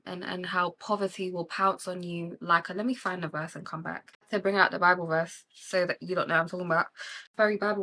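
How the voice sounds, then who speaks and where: A woman's voice: fairly low pitch, pushed and bright, slight background noise. A young woman with a British accent chatting candidly while doing her makeup, talking with emotion about faith and living with intention. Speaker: beauty vlogger.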